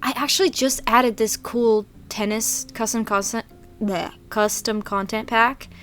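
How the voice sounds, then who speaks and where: A woman's voice: on the high side, a bit bright, slight background noise. A young woman, chatting and rambling in a casual voice-over about her game build, giggly and self-deprecating. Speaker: YouTuber narrating a game build.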